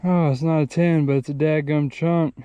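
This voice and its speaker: A man from Texas filming himself bass fishing by a lake dam, talking breathlessly and exclaiming at a big catch, shaky with excitement. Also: normal speed, clear, resonant tone. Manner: breathless, exclaiming, talks to the fish. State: shaking with excitement. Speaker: fishing vlogger. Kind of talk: excited outdoor commentary. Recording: dull lo-fi outdoor audio with faint noise.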